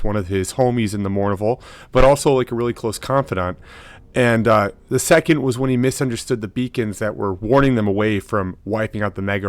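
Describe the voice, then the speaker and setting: A man's voice: lowish voice, no echo. A man hosting a lore video in casual commentary, talking loosely with lots of fillers and tag questions.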